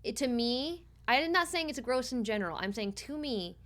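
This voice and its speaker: A young pregnant woman chatting casually on a stream, animated and laughing often as she tells a story. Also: fairly high pitch, moderate pace. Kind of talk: casual chat.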